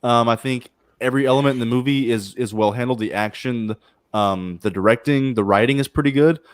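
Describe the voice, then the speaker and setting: A man's voice: medium pitch, brisk, clear, resonant tone. A man on a casual livestream panel, giving blunt, exaggerated opinions and stumbling over his words. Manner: blunt, hyperbolic, stumbles and restarts. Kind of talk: casual chat.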